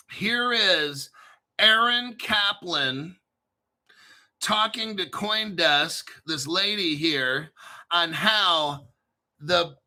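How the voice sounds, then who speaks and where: Man, crypto commentator, unhurried delivery, brassy tone, profane, argues with himself. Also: high-pitched, pushed and bright. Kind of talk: casual commentary video.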